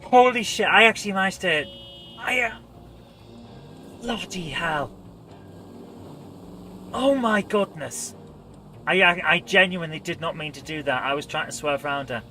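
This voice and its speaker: Bright-voiced man commentating a game. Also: on the high side, moderate pace, a little hiss or hum. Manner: exclamatory, swears and laughs at his own driving. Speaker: let's play host. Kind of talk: casual gameplay commentary.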